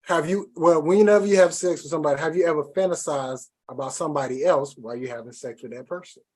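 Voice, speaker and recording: A man's voice: on the high side, quick pace. A man hosting a podcast in casual chat, asking the guest questions in a laid-back, hesitant way. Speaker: podcast host.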